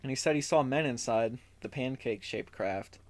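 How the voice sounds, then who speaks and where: Here a podcast co-host speaks at a normal pace in a mid-range, somewhat mellow voice. Working from his notes, he narrates a story casually, quoting passages aloud amid lots of fillers.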